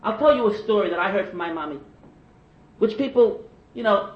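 A man preaching a sermon through stories, animated and climbing to shouted emphasis. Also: sits high, fairly quick. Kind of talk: sermon storytelling. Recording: echoey and dull lo-fi.

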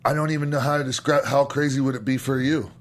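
A middle-aged former wrestler co-hosts a podcast, speaking fast with a mid-range voice and steady tone over slight background noise. He tells old stories casually and enthusiastically, swearing freely and restarting sentences.

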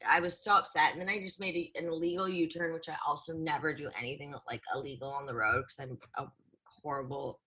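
A woman's voice: low voice, fairly even intonation, fast, pushed and bright. A young woman co-hosting a podcast, chatting casually and telling stories with lots of "like". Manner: chatty storyteller, many "like"s. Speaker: podcast co-host, blogger. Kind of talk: casual chat.

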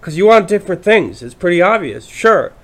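A man's voice: high-pitched, very animated, brisk, fairly bright tone. Profane, rambling male podcast host. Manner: profane, rambling, with frequent restarts. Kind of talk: ranting political monologue.

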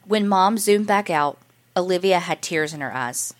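A woman's voice: fairly low pitch, expressive, moderate pace. Earnest woman narrating a story. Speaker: narrator, a teacher. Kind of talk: scripted narration.

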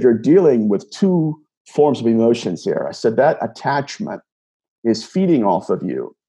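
Earnest and casual, a self-described empath walks through a personal conversation line by line, often repeating words and starting over. He speaks with a fairly low, mellow pitch and a breathy edge.

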